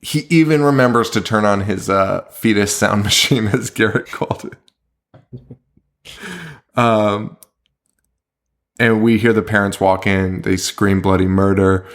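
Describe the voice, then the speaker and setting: A man's voice: fairly low pitch, unhurried, pauses often, fairly bright tone. A man co-hosting a podcast, chatting casually and swearing a lot as he recaps a movie's plot with acted-out quotes. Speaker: podcast co-host.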